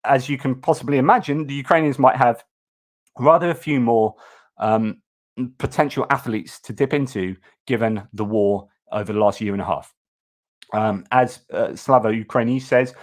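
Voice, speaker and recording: A man's voice: medium pitch, moderate pace. Chatty man hosting a news stream. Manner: chatty and informal, frequent fillers and restarts. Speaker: host of a news livestream. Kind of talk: casual news commentary.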